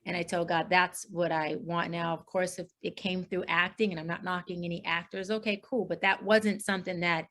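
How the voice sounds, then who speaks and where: A middle-aged woman life coach tells her story in an interview. She is earnest and expressive, and she acts out what others said in lively voices. Her voice sits slightly low, and her speech runs with fillers and restarts. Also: moderate pace, hardly any pauses.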